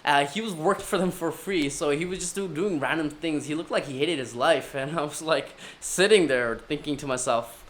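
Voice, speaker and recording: A man's voice: a little high, moderate pace, few pauses, fairly bright tone, slight background noise. A young man giving casual career advice. He tells stories animatedly, swears casually and acts out the dialogue.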